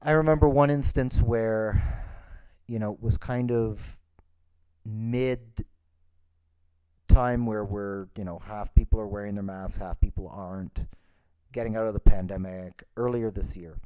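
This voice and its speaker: A man's voice: lowish voice, fairly even intonation, unhurried, dark tone, clear, resonant tone, no echo. A man hosting a podcast, ranting in an exasperated, sarcastic way. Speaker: podcast host. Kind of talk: ranting monologue.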